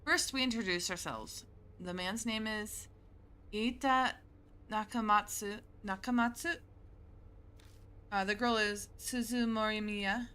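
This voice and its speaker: A woman's voice: mid-range voice, steady tone, unhurried, long pauses, pushed and bright, clear, resonant tone. A woman streamer casually reading and chatting through a story game, laughing often. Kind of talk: casual let's-play commentary and reading.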